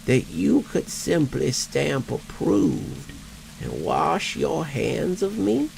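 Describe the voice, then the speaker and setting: A man voicing a menacing undead male corpse with a dry, wheezing rasp, speaking slowly and quietly. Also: fairly high pitch, sing-song, a little hiss or hum, pitched above the performer's own voice, exaggerated voice, low-quality recording. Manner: slow, drawn-out and quiet.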